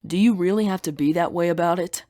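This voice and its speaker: A brooding young half-demon man, miserable and defensive with the one he loves, as a woman voices him. The voice is low and dry, close to the mic. Audiobook romance dialogue. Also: quick pace, mellow, dry recording, close to an everyday voice.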